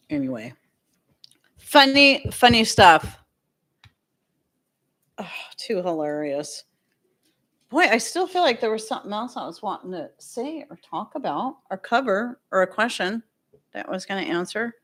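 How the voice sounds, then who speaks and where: A chatty woman hosting a casual livestream from her home kitchen. She talks to her viewers in a loose, rambling way, laughing often and wandering into asides, her voice at an ordinary middle pitch. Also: a bit bright. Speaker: livestream host.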